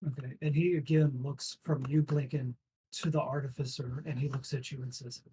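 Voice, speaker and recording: A man narrating as game master in a relaxed way, with many fillers. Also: medium pitch, normal speed, far from the mic, slight background noise.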